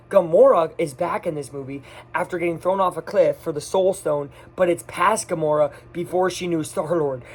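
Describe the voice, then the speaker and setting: A person giving a casual, off-the-cuff movie review, gushing and excitable, talking in quick bursts. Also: medium pitch.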